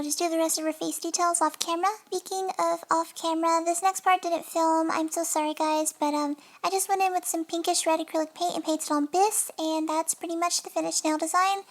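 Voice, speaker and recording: Very high-pitched young woman chatting. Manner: chatty and apologetic, many fillers. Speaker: nail art vlogger. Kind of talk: casual voice-over narration. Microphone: desk mic.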